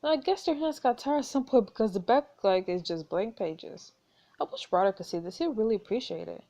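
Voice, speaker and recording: A woman's voice: mid-range voice, expressive, a little fast, dark tone. A woman reading a story game aloud in a playful, chatty way. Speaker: gaming video creator.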